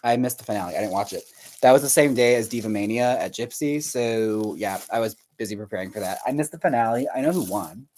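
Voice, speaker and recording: Quick and animated, this man speaks in a lowish, slightly mellow voice with a little hiss or hum in the background. He paints dolls on a livestream and chats with viewers in a rambling, profane, often laughing way, searching his memory aloud.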